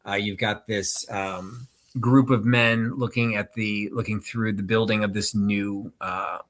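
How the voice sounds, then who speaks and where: A man's voice: on the low side, steady tone, a little slow, fairly bright tone. A man co-hosting a live-streamed sale, presenting his items in a casual, wry, self-deprecating way. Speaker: live sale co-host seller. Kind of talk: live-stream auction patter.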